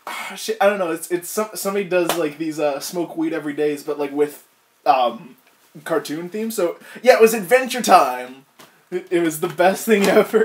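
A young adult host reading a fanfic aloud for laughs, with sarcastic asides and sudden shouts. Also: medium pitch. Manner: sarcastic, rambling, bursts into shouting. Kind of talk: comic read-along with friends.

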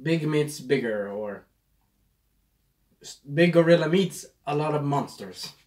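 A man's voice: on the high side, animated, measured pace, a little mellow. A man casually reviewing a movie, rambling and losing his train of thought, with a scratchy throat.

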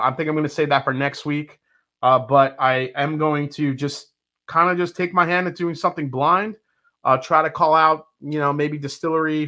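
A man in his thirties hosts a live tasting stream in a relaxed, chatty way. His voice is bright and mid-pitched. He reads viewer comments aloud, laughing often between them. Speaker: host of a live bourbon stream. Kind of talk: casual live-stream chat.

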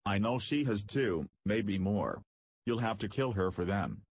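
A man voicing a dying old male spaceman who speaks in a hoarse, fervent whisper. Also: on the low side, expressive, unhurried, darkish tone, dry recording, heavily acted. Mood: urgent.

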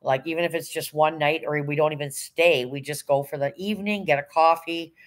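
Middle-aged woman, lowish voice, live-stream host, casual rambling chat, greets viewers by name. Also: fairly even intonation, fairly quick. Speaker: livestream host.

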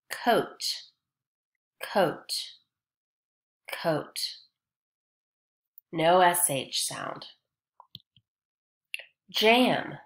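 Woman phonics teacher for small kids, lowish voice, slow drawn-out repetition with encouraging prompts. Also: fairly bright tone. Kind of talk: early-grade phonics lesson.

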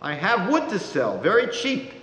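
A man voicing a kindly rabbi disguised as a peasant woodseller, loud and reassuring. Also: sits high, huge pitch swings, normal speed, pitched above the performer's own voice, exaggerated voice. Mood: reassuring, chiding. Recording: reverberant lecture hall.

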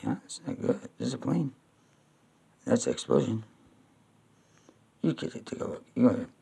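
A man from New York talking to camera in a rambling, repetitive way, now and then breaking into loud, high-pitched pleading. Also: very animated, moderate pace, vocal fry, breathy edge. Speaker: video blogger.

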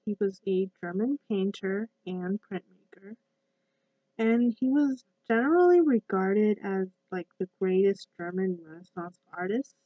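A young woman presents a class project, speaking slowly, with a voice roughened by a recent cough. She hesitates often, with ums and restarts along the way. She is recorded on a laptop's built-in mic, so the sound is dry and dull. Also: medium pitch, animated, no room sound. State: croaky from a cough. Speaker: college student presenter. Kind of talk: class presentation with poem reading.

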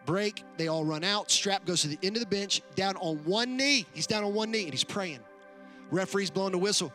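A man's voice: on the high side, moderate pace, long pauses, bright, forceful tone, soft background music. A man preaching a live sermon as pastor, acting out quoted lines and building to passionate altar calls. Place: church auditorium.

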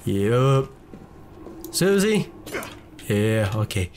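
Male gamer, let's play commentary, lively rising and falling voice, unhurried, jumpy, talks to on-screen enemies, faint noise behind. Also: on the low side. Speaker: gaming video creator. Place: at a desk at home.

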